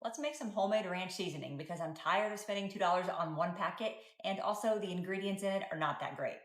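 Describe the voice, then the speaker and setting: Low-voiced young mom giving tips. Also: female voice, fast talker. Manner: direct, practical, instructive. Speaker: mom sharing cooking and parenting tips. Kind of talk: casual tips to camera.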